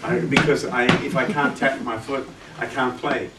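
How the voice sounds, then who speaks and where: In a music shop event room, a man with a steady, mid-range voice talks at normal speed while running a casual guitar workshop. He's chatty and sounds out rhythms vocally. The audio is very noisy, captured on a distant mic in a roomy space with guitar playing.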